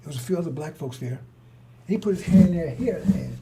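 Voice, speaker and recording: A man's voice: on the high side, lively intonation, a little fast, vocal fry, heavy background noise. An older man telling stories in a rambling monologue, blunt and confrontational, with frequent restarts and cursing. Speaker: storyteller.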